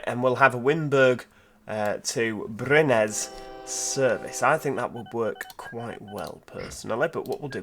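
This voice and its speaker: A man's voice: medium pitch, a little hiss or hum. A man giving casual let's-play commentary, thinking aloud and asking rhetorical tag questions. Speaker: gameplay commentator.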